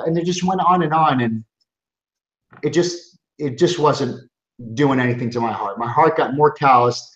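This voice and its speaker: The recording is roomy and dull lo-fi: a middle-aged chiropractor and coaching group founder with a mid-range voice talks at normal speed. His motivational webinar from the office is earnest and emphatic, and he often starts sentences over.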